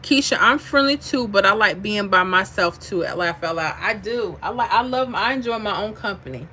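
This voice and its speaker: A woman hosting a lottery livestream, chatting casually, reading viewer comments aloud and drifting into animated asides. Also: medium pitch, normal speed, slight background noise.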